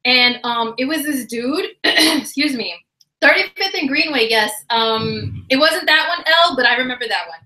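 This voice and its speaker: A woman telling a funny personal story in a casual, animated way, laughing often and using lots of fillers. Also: sits high, moderate pace. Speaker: vlogger. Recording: roomy echo.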